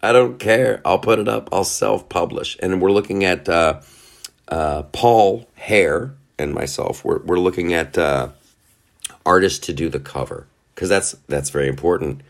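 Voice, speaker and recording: A man's voice: low voice, creaky. A man hosting a podcast, rambling through casual commentary, often laughing at his own jokes. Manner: quick asides and restarts, animated. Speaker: podcast host.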